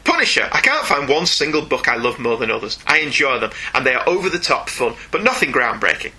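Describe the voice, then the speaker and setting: A man's voice: mid-range voice, very animated, fast, pushed and bright, breathy edge, rough recording. A man co-hosting a casual chat show, reading listener mail aloud with a playful, laughing manner. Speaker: podcast co-host reading listener email.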